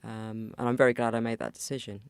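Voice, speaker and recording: Brief: middle-aged male DJ, mid pitch, dry close recording, reflective and hesitant. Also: little pitch movement, fast talker, smooth, no room sound. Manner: reflective, warm remembering with hesitant restarts. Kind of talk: personal testimony.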